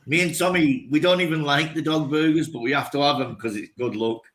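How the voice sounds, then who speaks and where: A man, bantering loosely on a live show, swearing freely and laughing often as his pitch jumps. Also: fairly quick, fairly bright tone, low-quality recording. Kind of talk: rowdy casual banter.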